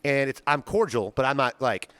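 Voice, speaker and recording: A man's voice: medium pitch, normal speed, no room sound. A young man co-hosting a podcast, telling a workplace story casually and profanely, acting out the quotes. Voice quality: animated, profane, acts out quotes. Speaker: podcast co-host.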